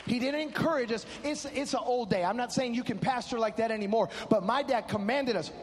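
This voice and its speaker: A male preacher from Chicago giving a sermon, telling comic stories and rising into shouted preaching. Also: extremely high pitch, fairly quick, in a large hall. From Chicago, USA.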